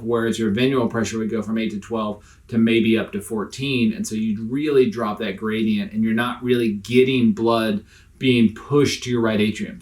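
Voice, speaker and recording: A man's voice: mid-range voice, a little mellow. A man explaining critical care medicine in a recorded lecture over slides, casual and explanatory, with frequent fillers.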